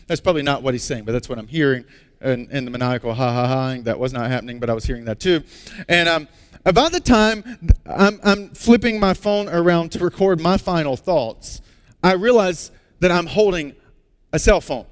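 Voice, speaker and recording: A male pastor preaching a sermon. He tells a personal story with animated energy, then turns hushed and earnest. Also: on the high side, normal speed, clear, resonant tone. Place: large church auditorium. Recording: long reverb of a large hall.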